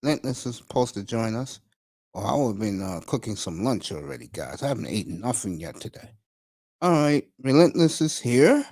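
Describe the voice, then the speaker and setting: A middle-aged man hosts an easygoing morning chat stream, speaking in loose slang and breaking into laughter between remarks. His voice is dark and mellow, sitting at an ordinary middle pitch. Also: big pitch swings, normal speed. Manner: laughs often, loose slangy banter with listeners. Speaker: host of a morning talk show. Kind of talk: casual live-stream chat.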